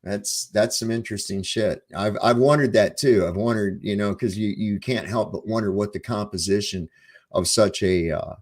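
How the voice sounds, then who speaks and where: A man with a very low, deep voice hosting a casual livestream. He rambles loosely and swears freely, leaning on plenty of ums and uhs between thoughts. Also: normal speed. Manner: rambling and profane, with frequent fillers. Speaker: livestream host.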